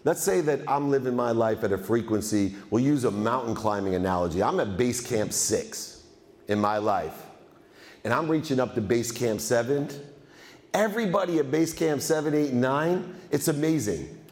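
A man giving a motivational keynote speech, energetic and emphatic, often repeating phrases for effect. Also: mid-range voice, normal speed. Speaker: motivational speaker. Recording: reverberant hall.

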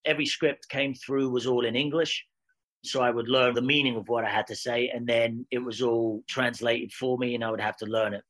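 A man's voice: medium pitch, a little fast, poor audio. A Scottish man in his forties, a guest telling stories in a casual interview and laughing easily. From Scotland. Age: 40s. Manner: lively storyteller, laughs easily. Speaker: actor guest.

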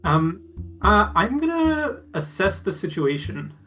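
A man's voice: high voice, big pitch swings, takes it slowly, bright, forceful tone, soft background music. A man playing a tabletop game, describing his character's moves and thinking aloud with many fillers. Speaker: player.

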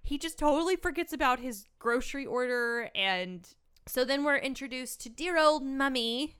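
A woman's voice: high-pitched, lively intonation, moderate pace, fairly bright tone, clear, resonant tone. A woman co-hosting a casual film podcast, recapping the plot in a chatty way with lots of asides. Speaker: podcast co-host.

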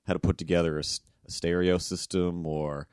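A man's voice: low-pitched, little pitch movement, fairly quick, a little mellow, clean tone, no echo, studio quality. A man co-hosting a casual comedic podcast, riffing jokes and slipping into put-on voices. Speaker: podcast co-host.

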